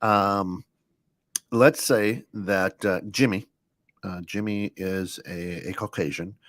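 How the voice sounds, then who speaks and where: A man's voice: sits low, steady tone, slow pace, a bit bright, no echo, clean studio sound. A man from southern Iowa co-hosting a talk show, chatty, with lots of restarts and "right?" tags. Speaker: co-host. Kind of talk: casual talk-show banter.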